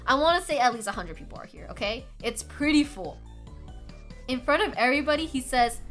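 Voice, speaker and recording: A young woman streaming, telling a story to her chat in a casual, animated way, laughing often and swearing freely. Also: high-pitched, brisk, soft background music. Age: young adult. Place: home streaming setup.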